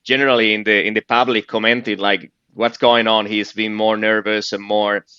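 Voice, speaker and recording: Low bright-voiced male host, hesitant. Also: level tone, moderate pace, clean tone, dry recording. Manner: hesitant, many "uh" fillers. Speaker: podcast host. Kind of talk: interview questions. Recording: dry, slightly dull sound.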